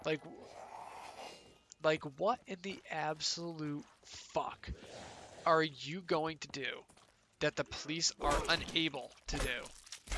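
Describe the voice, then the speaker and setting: A man's voice: on the high side, fairly even intonation, takes it slowly, pauses often, pushed and bright, slight background noise. A young man streaming a game, chatting casually in a rambling, profane, incredulous way. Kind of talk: casual chat while gaming.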